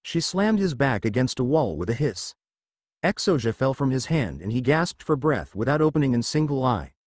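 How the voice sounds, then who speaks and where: A man narrating a fan fiction adventure story in a steady storytelling manner. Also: mid-range voice, normal speed, no room sound.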